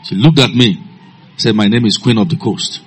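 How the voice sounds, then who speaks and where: A man preaching a sermon, telling stories in a low calm voice and breaking into loud shouted commands. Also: moderate pace.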